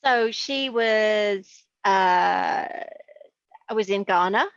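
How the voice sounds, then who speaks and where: A woman's voice: medium pitch, extremely slow, gravelly, no room sound, muffled recording. A middle-aged woman from Liverpool, a consultant podiatrist, talking chattily and with enthusiasm in an interview over a video call. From Liverpool, England. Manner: chatty, enthusiastic, full of asides.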